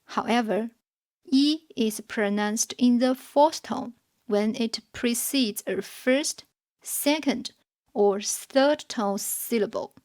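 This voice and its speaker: A woman narrating a scripted beginner language lesson, explaining rules in a measured, carefully enunciated way. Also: on the high side, a little mellow. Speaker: language teacher.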